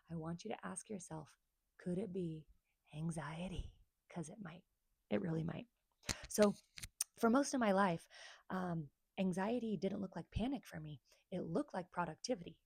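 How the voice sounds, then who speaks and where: A woman's voice: fairly low pitch, gravelly, darkish tone, slightly rough, dry recording. A woman therapist telling her own story to the camera, earnest and confiding, speaking straight to her viewers. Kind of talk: personal story vlog to camera.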